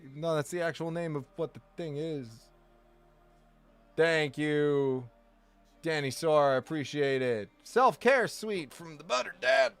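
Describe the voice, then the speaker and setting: On a live game stream, a man with a fairly high, slightly bright voice chats casually at a measured pace while soft music plays in the background. He rambles, keeps correcting himself and restarting, and jokes around, exaggerating and teasing himself.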